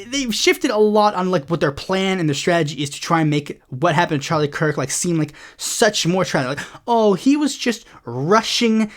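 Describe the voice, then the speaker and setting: Heated, profane woman ranting on politics. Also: on the low side. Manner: heated, profane, rambling with many restarts. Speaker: host. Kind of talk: political commentary rant.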